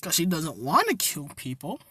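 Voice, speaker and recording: A woman's voice: low-pitched, wildly swooping pitch, moderate pace, a bit bright, slightly rough, no room sound, clean studio sound. A woman telling an improvised fan story in a rambling, profane way with joking asides. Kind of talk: improvised casual story narration.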